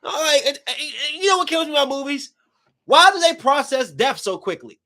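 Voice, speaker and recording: A man's voice: very high voice, fairly quick. A man hosting a podcast who rambles and recaps a movie in a casual, emphatic way. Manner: rambling, animated, emphatic storytelling. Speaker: podcast host. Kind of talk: casual chat.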